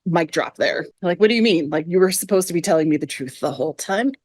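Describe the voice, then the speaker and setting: A woman's voice: on the low side, expressive, quick pace, dry recording, clean studio sound. A woman co-hosting a casual podcast, retelling game quests and quoting the characters' lines. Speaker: podcast co-host.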